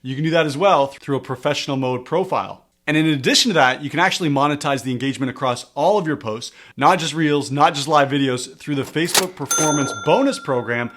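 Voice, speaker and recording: A man's voice: fairly high pitch, fast, hardly any pauses, fairly bright tone. A man teaching a screen-recorded tutorial as a marketing coach, emphatic and fond of repeating key words for stress. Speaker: coach explaining social media marketing.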